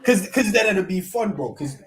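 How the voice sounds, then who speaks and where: A man's voice: sits high, lively intonation, normal speed. A man co-hosting a casual football chat, telling stories playfully with slang and acting out quotes. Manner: playful storyteller, acts out quotes. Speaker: co-host.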